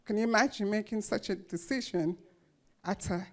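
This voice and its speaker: A woman giving a motivational speech to an audience, telling her life story with emphatic, dramatic pauses and repeated phrases. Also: medium pitch. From grew up in a children's home. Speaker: motivational speaker.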